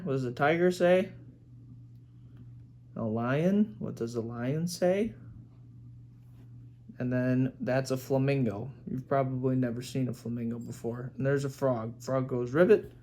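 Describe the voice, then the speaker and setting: A man's voice: mid-range voice, a little mellow, a little hiss or hum. A man reading a picture book aloud to his young daughter, pointing out pictures and making animal sounds.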